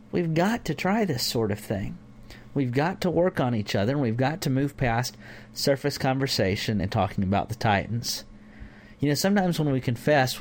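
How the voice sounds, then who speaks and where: A man in a relaxed church talk, teaching scripture in a conversational way. His voice sits at an ordinary middle pitch, with filler words and restarts. A faint hiss runs underneath. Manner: informal, with fillers and acted-out examples. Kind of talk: conversational Bible lesson.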